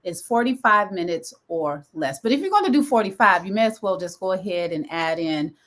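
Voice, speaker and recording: A woman hosting an interview, asking questions in a lively, conversational way. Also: on the low side, fairly quick. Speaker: interview host. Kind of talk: casual interview talk.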